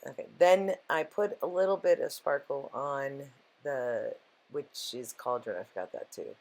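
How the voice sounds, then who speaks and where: A woman with a low, gravelly voice hosts a casual crafting video. She chats in an easy, upbeat way as she shows what she made. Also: measured pace, darkish tone. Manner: chatty and upbeat, calls her crafts cute. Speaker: craft channel host.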